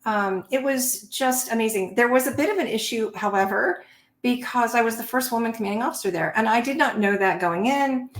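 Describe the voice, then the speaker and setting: A middle-aged woman, a Navy veteran, telling stories in an interview in an animated way and laughing between them. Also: fairly high pitch, fairly quick. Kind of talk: conversational interview storytelling. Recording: roomy echo.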